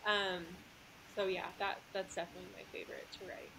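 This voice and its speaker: Animated woman author chatting. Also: medium pitch, fairly quick, noisy background. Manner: animated, laughs often. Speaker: guest author. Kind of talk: casual podcast chat.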